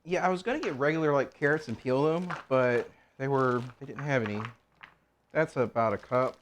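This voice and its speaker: At a normal speed and in a mid-range voice, a cooking channel host chats through his chopping in a home kitchen. He rambles, jokes, and talks to himself as much as to his viewers, with a faint hiss or hum in the background.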